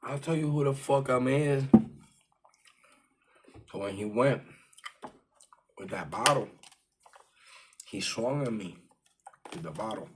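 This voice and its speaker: A man's voice: mid-range voice, lively intonation, takes it slowly, pauses often, background noise. A man casually telling a personal story in profane street slang, full of fillers like "you know what I'm saying".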